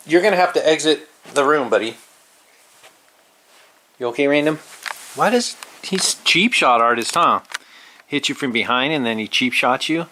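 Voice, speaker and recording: A man at home talking to his cats, coaxing and teasing them in a soft, affectionate murmur that sometimes drops to a whisper. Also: medium pitch, lively intonation, normal speed, long pauses, slight background noise. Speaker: cat owner filming his pets. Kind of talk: casual talk to pets. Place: indoors at home.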